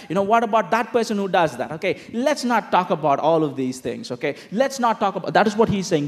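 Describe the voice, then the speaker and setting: A man preaching a sermon in a conversational style, explaining scripture with frequent asides and rhetorical questions. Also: sits high. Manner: conversational, animated preaching with frequent "you know" and "okay?".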